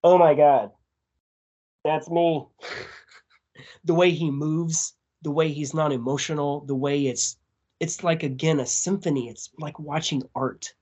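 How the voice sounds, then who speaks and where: A man guesting on a podcast, telling a story in a casual, profane, animated way. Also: on the high side, unhurried, husky. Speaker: tattoo artist.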